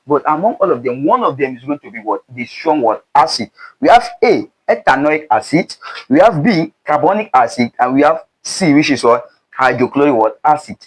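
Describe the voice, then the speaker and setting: A man's voice: a little high, expressive, normal speed, slightly rough, poor audio. A young man teaching a chemistry exam prep lesson. He keeps prompting with "what?" before each answer, in a call-and-response way. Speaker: chemistry tutor.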